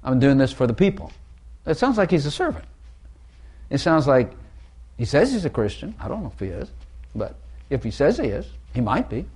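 A man's voice: fairly high pitch, big pitch swings, normal speed, pauses often, a little mellow, slightly rough. Male preacher, casual sermon delivery, repeats himself, quizzes the room. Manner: conversational, repeats phrases, asks the listeners questions. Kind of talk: informal sermon.

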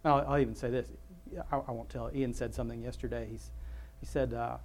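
A man's voice: medium pitch, steady tone, brisk, darkish tone. Male pastor, casual sermon, talks in loops and asides, restarts a lot. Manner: chatty, self-interrupting, many restarts and asides. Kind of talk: rambling informal sermon.

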